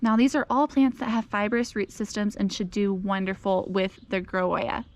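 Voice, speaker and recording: A woman's voice: medium pitch, little pitch movement, moderate pace. A woman giving a casual garden vlog outdoors, chatty and explaining as she goes. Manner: chatty, explains as she shows, talks to her dog. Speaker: gardening vlogger.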